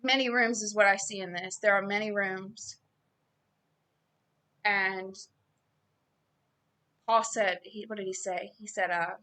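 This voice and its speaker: A woman giving an informal Bible reading and sermon, earnest and growing loud and emphatic as she preaches. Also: medium pitch, steady tone, slow, long pauses. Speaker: self-styled preacher.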